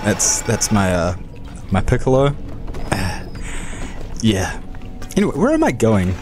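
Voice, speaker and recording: A man's voice: fairly low pitch, huge pitch swings, normal speed, noisy background. A man hosting a casual let's-play video, joking around in a goofy, self-mocking way. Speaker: gaming video host. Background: game music.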